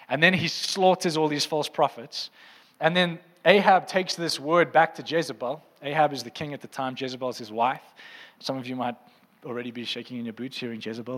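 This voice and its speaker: A man's voice: mid-range voice, fairly bright tone. A man preaching a sermon to his congregation, fervent and playful, teasing the room now and then. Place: church auditorium. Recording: long hall reverb in a church.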